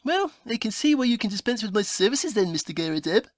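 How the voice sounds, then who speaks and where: A woman's voice: mid-range voice, big pitch swings, quick pace, no room sound, lightly acted. Prim fussy detective guy played by a woman, bouncy voice, dry close sound, comedy audio play. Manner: formal, fussy, scolding. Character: Sherlock Holmes, prim and haughty male detective.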